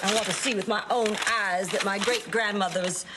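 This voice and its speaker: An actress playing a dramatic, vain Southern belle in a sitcom, speaking in a breathy Southern drawl. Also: female voice, medium pitch, steady tone, fairly quick, natural voice. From American South. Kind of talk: sitcom acting. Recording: noisy TV audio with studio audience laughter.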